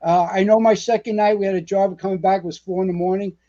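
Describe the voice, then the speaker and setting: Brief: a retired fire captain in his sixties, Bronx-born, New York accent, higher-pitched voice, swears freely while telling old stories. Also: fast talker, highs cut off. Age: 60s. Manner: salty, profane, animated storyteller. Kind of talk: storytelling interview.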